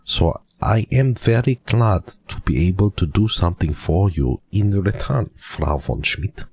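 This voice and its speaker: A man voicing a grateful German servant woman reading her letter aloud, with a put-on German accent and a slow, earnest, raised voice. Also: low-pitched, animated, darkish tone, breathy edge, no room sound, pitched above the performer's own voice, exaggerated voice.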